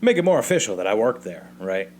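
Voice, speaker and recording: A man's voice: on the low side, big pitch swings, quick pace, a little mellow, slight background noise. A young adult man hosting a solo podcast, telling a rambling, profane comedic story in casual speech. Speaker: podcast host. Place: home basement.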